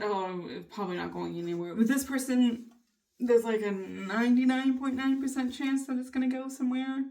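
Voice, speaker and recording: A woman's voice: a little high, a little mellow, recorded from a distance. Candid, swearing woman venting, a bit off-mic. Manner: candid, frequent swearing, venting with bursts of laughter. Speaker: vlogger. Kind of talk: casual diary-style chat.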